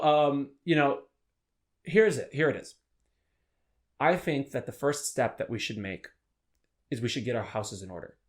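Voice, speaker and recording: A young man co-hosting a podcast, making political points in an animated, argumentative way and laughing often. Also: medium pitch. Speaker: podcast co-host. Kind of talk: casual political talk.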